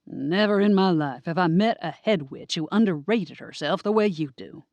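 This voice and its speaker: A woman's voice: lowish voice, animated, normal speed, a little mellow, no room sound, lo-fi sound. A woman voicing a blunt, exasperated man in an audiobook. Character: frustrated gruff man, blunt.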